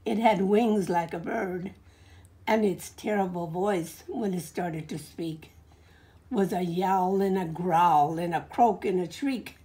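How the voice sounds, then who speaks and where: A woman in her forties reading a picture book aloud to a child, gently stopping to point things out and ask questions. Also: lowish voice, slow. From California, USA. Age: 40s.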